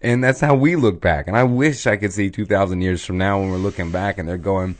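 A man hosting a casual podcast chat, joking and animated, swearing freely and slipping into mock voices. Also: low voice, fairly quick. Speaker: podcast host.

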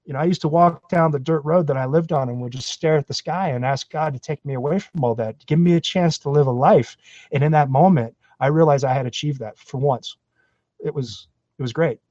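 A man from Florida telling his career story in a podcast interview, animated and self-deprecating. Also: a little high, a little fast, dry recording, highs cut off. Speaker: guest, actor.

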